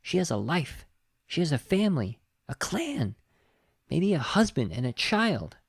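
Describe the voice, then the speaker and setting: A man's voice: on the high side, sing-song, unhurried, vocal fry, slightly rough, no room sound, studio quality, voice pushed up, heavily acted. A man quoting and mimicking the lines of a young male warrior from a film, in a solemn tone. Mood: earnest. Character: earnest young male warrior from an 18th-century tribe.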